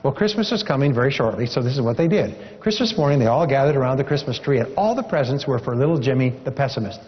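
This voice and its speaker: A man's voice: mid-range voice, expressive, fast talker. A man giving a motivational seminar speech, encouraging and repetitive, telling a story to drive home his point. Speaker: seminar speaker. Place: large seminar hall. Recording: dull lo-fi recording with long hall reverb.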